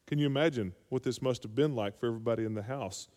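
A man's voice: medium pitch, quick pace, a little mellow. A male pastor preaching a sermon, calling for amens and rising to emphatic peaks. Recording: long hall reverb.

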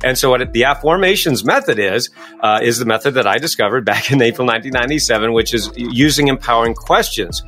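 A middle-aged man talking as a guest in an interview, coaching and explaining his method in a quick, emphatic way. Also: medium pitch, soft background music. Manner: fast, energetic, emphatic. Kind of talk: interview answers.

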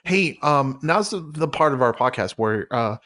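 Man, comedy podcast co-host, mid-pitched, very lively intonation, playful and mock-serious. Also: normal speed.

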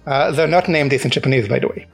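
Gravelly, husky man explaining. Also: medium pitch, fast, faint music behind. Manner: explanatory, hesitant with fillers. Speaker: podcast co-host. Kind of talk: casual chat.

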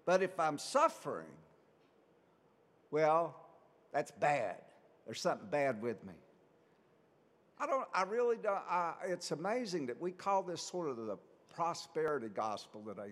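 Man, priest, sermon, rhetorical questions, fairly high voice, echoing church. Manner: conversational preaching with rhetorical questions.

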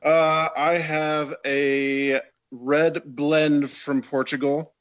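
A man talking as a podcast guest, relaxed and wry. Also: on the high side, drawn-out words, clean tone, no echo, dull audio. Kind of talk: casual chat.

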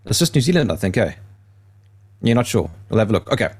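A man's voice: on the low side, very animated, quick pace, breathy edge. A man hosting a talk radio show, talking casually and rambling, with frequent restarts and repeated words.

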